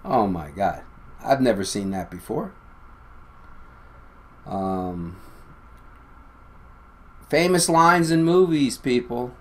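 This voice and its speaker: A man hosting his own video, talking casually and insistently to viewers, with an uneven pace and shifting loudness. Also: medium pitch, big pitch swings, slow pace, pauses often. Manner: insistent, emphatic, often addressing viewers as "people". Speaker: video host. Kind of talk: casual monologue to camera.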